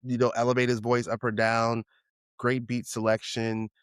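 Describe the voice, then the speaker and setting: A man's voice: mid-range voice, normal speed, clear, resonant tone, no echo, clean studio sound. A man with a New York accent co-hosting a podcast in casual chat, telling stories and acting out what friends said. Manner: animated storyteller who acts out quoted friends. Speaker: podcast co-host.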